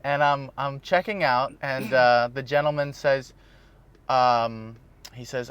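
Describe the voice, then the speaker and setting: A man's voice: medium pitch, takes it slowly, fairly bright tone, clear, resonant tone. A man co-hosting a podcast, cracking dry quips and telling a story in casual chat. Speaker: podcast co-host.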